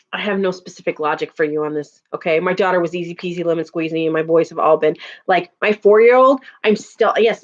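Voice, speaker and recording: A woman in her thirties chatting casually on a livestream, laughing often and answering viewers' comments. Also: fairly low pitch. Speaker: livestream host. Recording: dull lo-fi audio.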